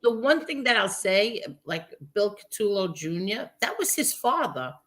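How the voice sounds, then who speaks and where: A woman's voice: medium pitch, very animated, measured pace, a bit bright. A woman co-hosting a casual livestream podcast, speaking in an emphatic, indignant way. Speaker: podcast co-host.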